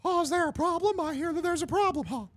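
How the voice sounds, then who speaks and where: A man putting on a squeaky cartoon mouse voice, playing a small male cartoon character who bullies people with high, mock-sweet threats. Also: fast talker. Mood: mock-sweet menace.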